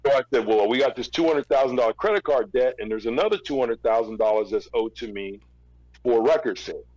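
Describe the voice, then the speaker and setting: A man's voice: medium pitch, quick pace, a little mellow. A middle-aged man tells a story as a guest in a casual interview. He acts out both sides of each conversation and often repeats words as he restarts his sentences. His voice sits in a middle register and sounds dry and close, with no room echo. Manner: recounts events through quoted back-and-forth dialogue. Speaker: podcast guest, former record label executive.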